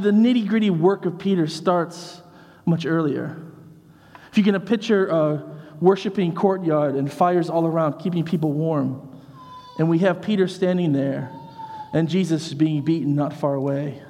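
Animated vicar preaching in echoey church. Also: male voice, sits high. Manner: animated storyteller, swings from hushed to shouting. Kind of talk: sermon with humorous storytelling.

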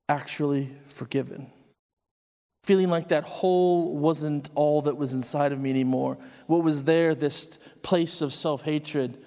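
A man preaching an earnest personal testimony, intense and building to excited outbursts. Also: fairly high pitch, gravelly. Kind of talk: sermon testimony. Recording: long reverb of a large hall.

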